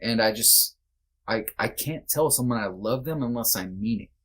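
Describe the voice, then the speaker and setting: Earnest man, low-pitched, halting. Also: fairly bright tone, breathy edge. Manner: earnest, halting, reflective with restarts. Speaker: podcast guest. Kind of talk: candid conversation.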